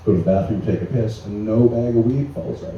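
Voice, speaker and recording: A man's voice: lowish voice, a little fast, dull audio. A man doing stand-up, telling loose, profane stories and laughing through his bits in front of a small live audience. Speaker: stand-up comedian. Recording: echoey room, mic heard from a distance, faint noise.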